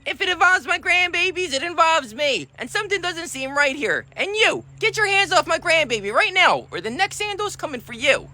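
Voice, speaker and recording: A sketch comedian playing every role in a family comedy sketch, switching between put-on voices and often shouting. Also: very high voice, very animated, fairly quick, few pauses. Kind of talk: one-man comedy sketch with many voices.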